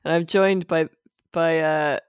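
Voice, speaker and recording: A woman's voice: low-pitched, fairly even intonation, slow, clear, resonant tone, no room sound. A woman hosting a podcast in casual chat, dry and wry, laughing often. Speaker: podcast host.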